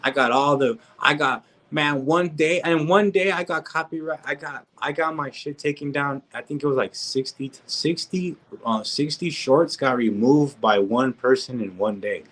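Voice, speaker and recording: A man's voice: fairly high pitch, moderate pace, hardly any pauses, fairly bright tone, low-quality recording. A man, talking in a casual live-stream rant, slangy and repetitive, peppering his talk with street asides and restarting his sentences. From California. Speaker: reaction streamer.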